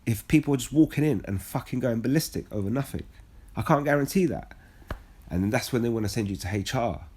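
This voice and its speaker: A man's voice: medium pitch, animated, fast, darkish tone, breathy edge. A blunt man telling a heated personal story with a lot of swearing, then reading scripture as a religious speaker.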